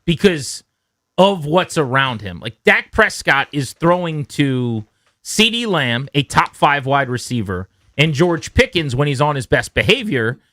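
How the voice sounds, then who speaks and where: Dry-sounding higher-voiced male sports radio host. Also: very animated, a little slow, a bit bright, no room sound. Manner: conversational, analytical, drills into points. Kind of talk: casual sports talk.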